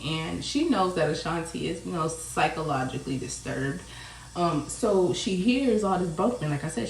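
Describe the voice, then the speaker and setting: Chatty, profane woman retelling her story. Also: lowish voice. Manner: chatty, profane, talks straight to viewers. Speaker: author discussing her own book. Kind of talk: casual storytelling vlog. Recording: roomy sound, from a distance.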